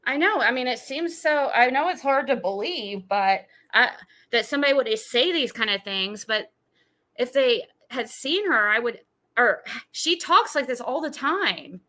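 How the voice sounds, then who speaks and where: A woman's voice: a little high, animated, unhurried, bright, forceful tone. A woman streamer giving drama commentary on a livestream, ranting in an exasperated, indignant way.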